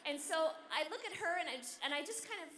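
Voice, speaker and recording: Quick, bright-voiced nun in a big echoing hall. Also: female voice, very high voice. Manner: chatty, keeps asking the crowd "okay?" and "right?"; animated storyteller. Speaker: nun speaking at a youth conference. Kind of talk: humorous inspirational talk. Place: large conference hall. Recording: echoey hall, long reverb.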